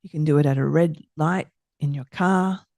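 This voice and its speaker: A middle-aged woman hosting a podcast, calmly leading listeners through slow breathing exercises with gentle, soothing instructions. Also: sits low, dry recording, studio quality. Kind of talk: calm guided breathing exercise.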